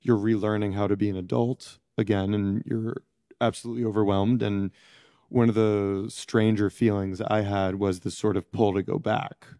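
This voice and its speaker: A middle-aged former prisoner, interviewed as a guest, answers in a low, mellow voice with flat delivery, halting and reflective as he often pauses to search for words. His voice sounds close and dry, with no room around it.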